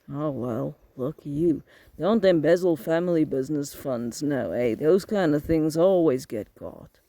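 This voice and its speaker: A blunt, prying male inspector firing off clipped questions in a loud voice, as the narrator plays him. The gravelly, dark tone stays dry and close in this audiobook reading. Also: on the high side, animated, measured pace, no room sound. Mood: gruff.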